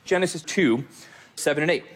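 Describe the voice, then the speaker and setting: A man preaching a sermon in a husky, slightly high voice. He speaks straight to his listeners and hammers points home through repetition. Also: brisk. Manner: emphatic, direct address, repeating key phrases. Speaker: pastor.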